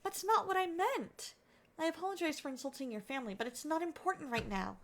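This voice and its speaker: Life-sim game character: an earnest, courteous young man, read by a woman with a high voice. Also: animated, a little fast. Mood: earnest, pleading. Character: polite, anxious young man. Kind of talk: reading game dialogue aloud.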